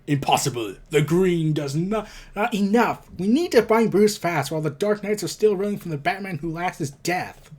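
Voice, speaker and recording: A man reading the lines of a grave swamp creature hero from a comic book, in his own slightly high voice. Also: animated, moderate pace, hardly any pauses, darkish tone.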